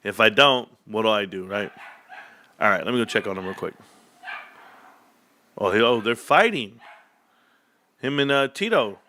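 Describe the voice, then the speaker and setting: A man's voice: lowish voice, expressive, normal speed, pauses often, sharp tone, slight background noise. A middle-aged man hosting a casual livestream, rambling through slangy stories and laughing often. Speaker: livestream host.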